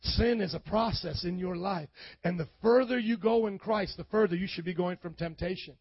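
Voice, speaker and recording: A pastor preaching a sermon, acting out the excuses of his listeners in an animated way. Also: high voice, normal speed, husky, no echo, highs cut off.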